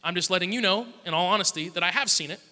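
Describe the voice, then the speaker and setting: High, bright-voiced pastor in a hall. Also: male voice, rapid-fire. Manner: storytelling with humor. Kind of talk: sermon. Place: large church hall. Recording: long hall reverb.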